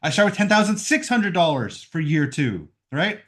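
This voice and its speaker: A man's voice: fairly high pitch, big pitch swings, moderate pace. A man teaching a recorded math lesson at home into a computer microphone. He works through the calculations aloud and keeps checking in with "right?".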